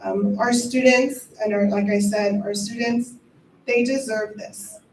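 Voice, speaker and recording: A woman's voice: mid-range voice, fairly even intonation, unhurried, slight background noise. A middle-aged woman teacher giving a heartfelt, emotional ceremony speech in a school cafeteria. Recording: echoey room from a distant mic.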